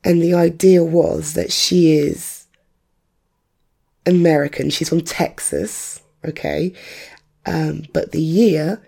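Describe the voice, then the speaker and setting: Chatty north london lady, english accent, rough gravelly voice, mellow low tone, rambles and jokes at herself. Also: steady tone. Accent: English, drifted from North London. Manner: rambling, self-deprecating, quick asides. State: rough, off-colour voice. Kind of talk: casual chatty monologue. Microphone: home recording setup.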